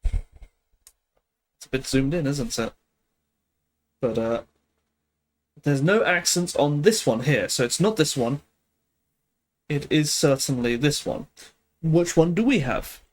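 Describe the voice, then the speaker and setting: A streamer studying Greek thinks aloud while working through a language exercise on a live stream. His voice is on the high side and expressive, and he takes it slowly, pausing often, hesitant and checking himself at a leisurely pace.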